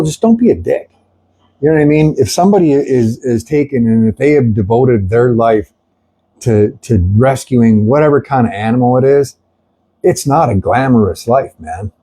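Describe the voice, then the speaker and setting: A man's voice: medium pitch, dark tone, breathy edge. A middle-aged man from an animal rescue, speaking candidly to camera while grieving and angry, rambling with many fillers and blunt swearing. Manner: earnest, rambling, frequent fillers. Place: sitting with dogs at the rescue.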